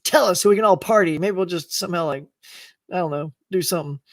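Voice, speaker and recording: A middle-aged man with a fairly high voice chats loosely with his live audience, rambling from topic to topic and laughing along the way. The sound is dry, with the mic set a little back from him. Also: quick pace, no echo, recorded from a distance. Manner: rambling, animated, laughs often. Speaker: live-stream host answering chat. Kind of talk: casual chat.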